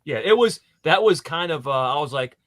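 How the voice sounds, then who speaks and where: A man rambles casually through a livestream chat, laughing and mimicking people as he goes. His pitch swings widely and his voice sounds dry and close, with no room around it. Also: expressive, normal speed, fairly bright tone, no room sound. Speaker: streamer.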